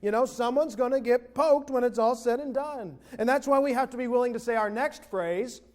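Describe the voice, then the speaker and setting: Male pastor, fairly high voice, relaxed conversational sermon with congregation responses. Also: brisk. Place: church sanctuary.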